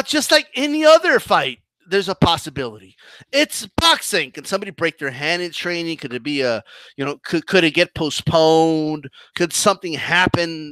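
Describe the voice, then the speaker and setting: A boxing commentary channel host runs a live stream, reading chat while he rants and mocks. His voice is high and there's no room sound. He's animated, mocking and combative, restarting his sentences as he goes.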